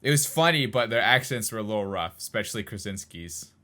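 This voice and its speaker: A man's voice: lowish voice, animated, brisk, pushed and bright. A man co-hosting a casual podcast chat, rambling with lots of fillers and frequent laughs. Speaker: podcast co-host.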